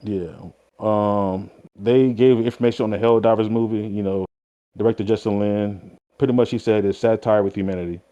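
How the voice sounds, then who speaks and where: A man with a low, dark, mellow voice chats through movie news in an easygoing manner. The sound is a bit dull and lo-fi. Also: normal speed. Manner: relaxed, laid-back, agreeable. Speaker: podcast co-host. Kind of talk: casual podcast chat.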